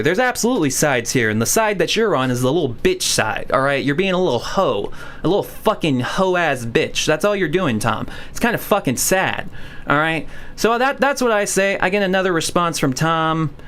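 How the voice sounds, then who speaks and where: A man's voice: high-pitched, fairly bright tone. A male streamer ranting to his livestream chat, profane and sarcastic. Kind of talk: livestream rant.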